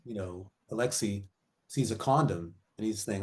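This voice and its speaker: A man's voice: fairly low pitch, moderate pace. A middle-aged man, an actor and author, telling stories in a rambling, casual way, acting out quotes and laughing often. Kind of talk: casual interview talk.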